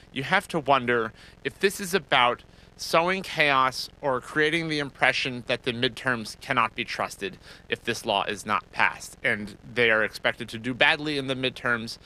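Bright-toned male political reporter. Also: medium pitch, poor audio. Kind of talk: panel analysis.

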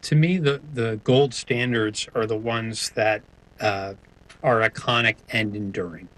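A man's voice: on the low side, fairly even intonation, unhurried, fairly bright tone, poor audio. A man speaking as a guest in an interview, answering in a hesitant way with many restarts. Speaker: sonic branding guest.

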